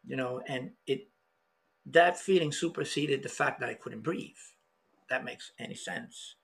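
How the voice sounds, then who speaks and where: A middle-aged man telling a personal story in an emotional, halting way, with many restarts. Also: medium pitch, creaky, fairly bright tone, slightly rough. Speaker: podcast guest.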